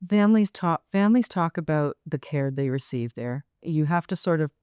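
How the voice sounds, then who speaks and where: A woman's voice: low-pitched, lively intonation, moderate pace, darkish tone, clean tone, no echo, studio quality. A woman from a children's charity, talking earnestly in an interview and telling a story. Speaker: charity foundation guest. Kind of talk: interview conversation.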